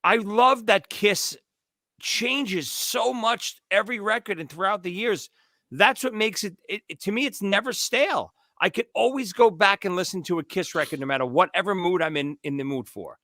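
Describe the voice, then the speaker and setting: A man's voice: high-pitched, normal speed, pushed and bright, no room sound, clean studio sound. A man co-hosting a music podcast, talking enthusiastically and with emphasis. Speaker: podcast co-host. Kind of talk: casual chat.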